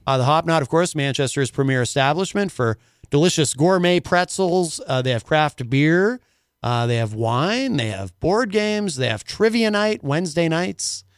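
A man's voice: a little high, animated, moderate pace, smooth, no room sound, studio quality. A man hosting a casual talk radio show, rambling and full of filler words.

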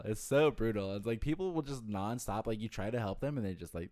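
A man's voice: fairly low pitch, brisk, hardly any pauses, darkish tone, no echo, studio quality. A young man in casual chat about his hotel front desk job, rambling with lots of swearing and filler words.

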